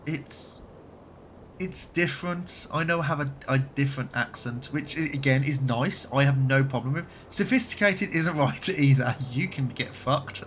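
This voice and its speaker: A Birmingham-born man streams a game live, chatting casually with a light Birmingham accent and swearing from time to time. His voice is medium in pitch. Slight background noise can be heard.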